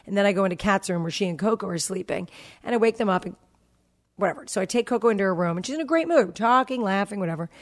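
Her mid-range voice moves fast and stays animated as this podcast host, a woman in her forties, chats casually. She describes something her kids did, acting out the things they said.

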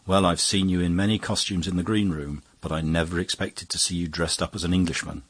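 Ironic, animated poet, deep husky voice, dry close sound, read by a man. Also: fairly quick, no echo. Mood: amused.

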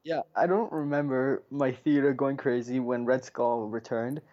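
A chatty male podcast co-host who tells animated stories in casual conversation. His voice comes through a slightly dull, lo-fi recording. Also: medium pitch, normal speed. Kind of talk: casual chat.

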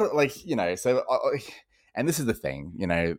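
A man's voice: mid-range voice, big pitch swings, moderate pace, no echo, clean studio sound. An Australian man hosting a casual film podcast, ranting animatedly and breaking into laughs. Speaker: podcast host.

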